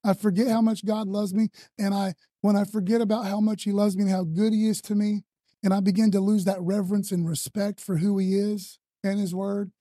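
A man's voice: high-pitched, steady tone, moderate pace, dark tone, dry recording. A man preaching a sermon in a loose, conversational way, often adding "man" and "you know.". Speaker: pastor.

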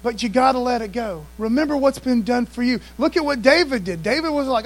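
With a very high voice and lively intonation, this pastor talks fairly quickly and barely pauses. His sermon is conversational, full of call-outs to the congregation, and the recording is low quality.

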